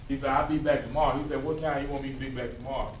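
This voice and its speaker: Southern man, youth pastor, halting story full of fillers, echoey room, off-mic. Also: mid-range voice, steady tone, distant mic, a little hiss or hum. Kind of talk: telling a story in a group.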